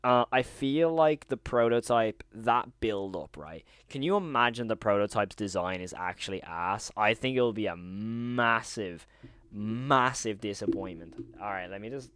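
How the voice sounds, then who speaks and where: A man's voice: fairly low pitch, animated, measured pace, fairly bright tone, smooth, no room sound, studio quality. A man streaming live, chatting casually to his viewers with slangy, rambling talk and frequent laughter.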